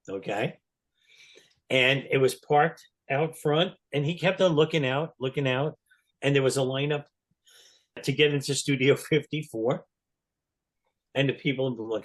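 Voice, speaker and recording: A man in his sixties telling casual stories as a podcast guest, rambling with many "you know" fillers and laughing as he talks. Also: medium pitch. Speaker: guest, longtime fan. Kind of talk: casual anecdotal storytelling.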